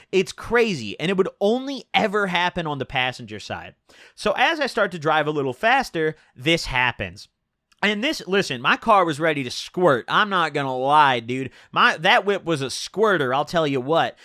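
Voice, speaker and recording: A man's voice: sits high, no echo, clean studio sound. A young man telling a rambling, casual story to camera, swearing freely and restarting his sentences. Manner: animated, rambling, swears often. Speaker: storytime vlogger.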